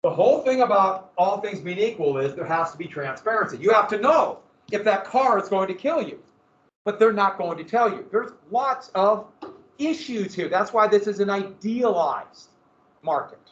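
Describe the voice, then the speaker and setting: Male teacher, a touch high-voiced, casual and jokey, lecturing from across a roomy classroom on a dull mic. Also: lively intonation, normal speed, a bit bright, distant mic. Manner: casual, joking, digressive storytelling.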